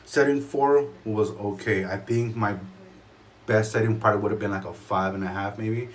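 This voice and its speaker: A man with a fairly low voice talks casually to his camera about the shave he just had. He rambles and stops to restart his sentences, filling gaps with ums and uhs. A faint background noise runs under his voice in a room at home. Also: fairly even intonation. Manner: rambling, halting, many fillers and restarts. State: a little choked up. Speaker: shaving vlogger.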